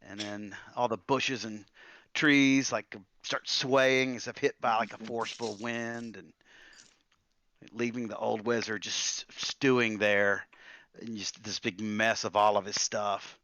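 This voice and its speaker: A man's voice: on the low side, flat delivery, slow, bright, forceful tone, dry recording. A man playing a tabletop game, narrating what his character does in descriptive detail, with many fillers. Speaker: player.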